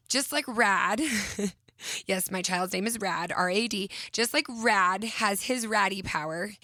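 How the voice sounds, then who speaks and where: Bright, dry-voiced encouraging woman. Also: mid-range voice, dry recording. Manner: gentle, encouraging, slowing into soft whispered visualizations. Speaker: podcast host. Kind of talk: guided self-help talk.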